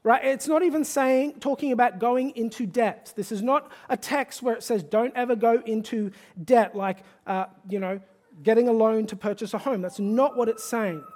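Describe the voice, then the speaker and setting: Emphatic conversational pastor preaching. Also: male voice, very high-pitched, moderate pace, darkish tone. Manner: conversational and emphatic, rising to pleading exhortation. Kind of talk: sermon.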